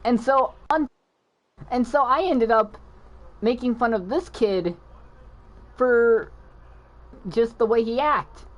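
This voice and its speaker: A man's voice: very high-pitched, slow, long pauses, dull audio. Man who stutters, telling a rambling story. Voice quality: stutters, mumbles when explaining. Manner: rambling, frequent restarts and backtracking. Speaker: gaming channel host. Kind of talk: casual storytelling chat.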